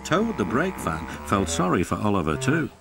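A man narrating a children's storybook in an expressive way. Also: fairly low pitch, normal speed, gravelly, over music.

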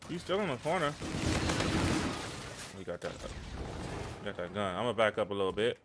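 A young man giving live, slangy, excitable commentary over his own shooter gameplay. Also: lowish voice, a little fast, very noisy. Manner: excitable, slangy, trash-talking. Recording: game gunfire behind the voice.

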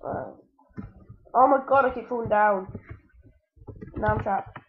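A woman's voice: on the high side, measured pace, pauses often, dull audio, a little hiss or hum. A woman hosting a let's-play gaming commentary, talking to the game and yelping whenever she is in danger. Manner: excitable, talks to the game, yelps when in danger. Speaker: gaming channel host.

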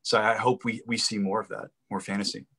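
A man who acts and does comedy, a guest in a casual interview, telling lively anecdotes. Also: lowish voice, a little fast, creaky, breathy edge.

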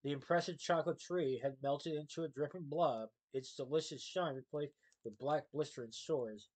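A man's voice: a little high, moderate pace, darkish tone, low-quality recording. A man reading a children's novel aloud in a plain way, with small slips and self-corrections. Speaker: storybook reader.

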